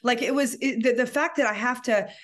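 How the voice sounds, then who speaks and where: A woman's voice: a little high, a little fast. A woman hosting a solo podcast, talking in an earnest, emphatic, heartfelt way. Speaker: podcast host.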